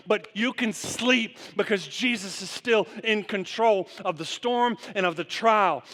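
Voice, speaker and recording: A man's voice: high-pitched, measured pace, fairly bright tone. A man preaching a sermon as pastor, putting rhetorical questions to the congregation in long runs. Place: church sanctuary. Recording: long church reverb.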